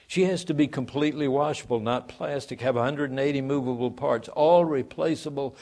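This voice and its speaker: The Lord as a proud, patient Creator, read aloud by a male preacher. He rattles off lists briskly, slightly raised. The voice has a gravelly edge. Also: medium pitch, darkish tone, natural voice.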